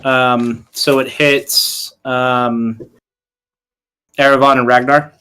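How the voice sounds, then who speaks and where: A man's voice: medium pitch, little pitch movement, takes it slowly, bright, forceful tone, clean tone. A man playing a tabletop game, casually rambling through rule explanations with lots of fillers. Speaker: player.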